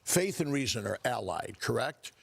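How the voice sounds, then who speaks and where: A man's voice: mid-range voice, sing-song, moderate pace, vocal fry, husky. An older man, a cardinal, chatting folksily on a morning talk show. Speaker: cardinal guest.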